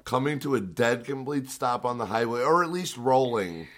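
A man co-hosting a podcast, talking in animated, profane, teasing banter. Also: mid-range voice, normal speed. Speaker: podcast host.

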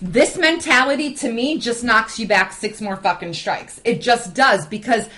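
A woman's voice: fairly high pitch, moderate pace, pushed and bright. A woman in her forties in casual chat, defensive and emphatic.

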